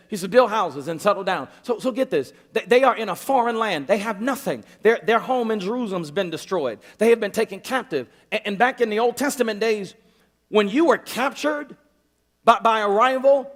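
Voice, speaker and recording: A man preaching a sermon as pastor, repeating words in quick restarts and voicing God and his listeners in quotes. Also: high-pitched. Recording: long hall reverb.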